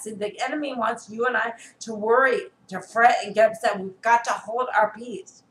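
A woman's voice: on the high side, steady tone, normal speed, few pauses, fairly bright tone. A woman preacher giving an earnest online video sermon, exhorting her listeners and often checking in with "okay?". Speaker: prophetess preacher. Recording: echoey room with faint background noise.

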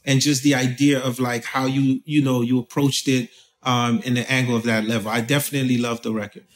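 A man from Haiti talking as an interview guest, telling stories in a loose, animated way with lots of fillers. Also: medium pitch, a little fast. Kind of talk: casual conversation.

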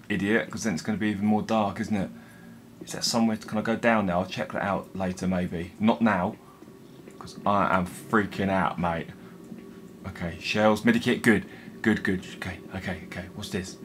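A young man commenting on a horror game he is playing, jumpy and excitable, swearing and talking to himself. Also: on the low side, a little hiss or hum. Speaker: gaming video host. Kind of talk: let's play commentary.

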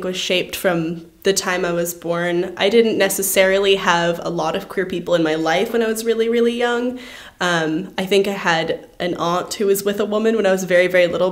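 A woman's voice: medium pitch, brisk. A young woman talking in a personal interview, reflective and thoughtful, with frequent "um" and "like" fillers. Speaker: award honoree.

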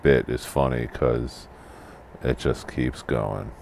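A man's voice: very deep voice, steady tone, slow pace, gravelly, darkish tone, slight background noise. A man doing wry gameplay commentary, poking fun at the game's jokes. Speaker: let's play commentator.

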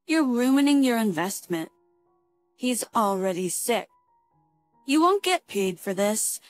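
A woman reading the lines of a frightened but quick-witted young woman camper in a storybook tale, with a pleading, anxious tone. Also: fairly high pitch, very animated, soft background music.

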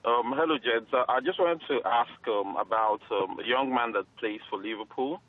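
A man's voice: medium pitch, normal speed, no room sound. A man calling in to a radio phone-in, polite and hesitant with many ums. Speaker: phone-in caller. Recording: tinny phone line.

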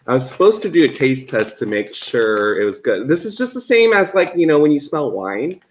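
A man co-hosting a live cooking stream from a home kitchen, chatting in a lively, exclamation-filled way. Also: a little high, slight background noise. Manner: chatty and animated, quick exclamations. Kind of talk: casual live-stream chat while cooking.

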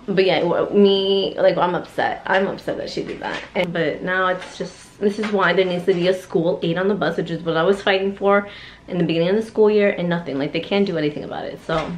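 A young adult woman and family vlogger telling a story in a chatty, animated way, full of fillers. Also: fairly low pitch, slight background noise. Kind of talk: casual vlog chat.

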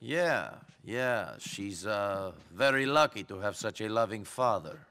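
An actor playing a calm, guarded male hired gun, answering tersely and dryly in a video game cutscene. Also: fairly low pitch, measured pace, full character voice. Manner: terse, dry, noncommittal.

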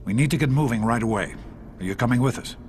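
A man's voice: medium pitch, fast, slight background noise, natural voice. An actor playing a caring, determined scientist father in a video game, speaking earnestly. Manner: earnest, gently urgent.

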